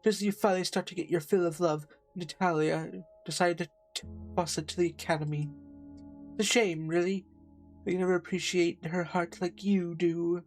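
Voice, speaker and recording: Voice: medium pitch, fairly even intonation, moderate pace, faint music behind, close to an everyday voice. A streamer reading a lonely, jealous partner's lines with bitter sarcasm while playing a narrative game. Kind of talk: voicing a game character.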